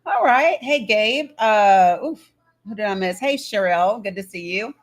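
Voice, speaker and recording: In her thirties, this woman hosts a casual livestream, welcoming viewers one at a time by name, laying out ground rules, and speaking to her kids off-mic. Her medium-pitched voice is animated and measured in pace.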